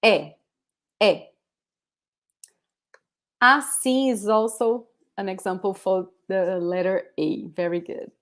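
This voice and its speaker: A woman's voice: medium pitch, fairly even intonation, takes it slowly, pauses often. A woman with a Brazilian accent, a Portuguese speaker, teaching a live online pronunciation lesson, repeating words patiently for her students. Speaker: language teacher.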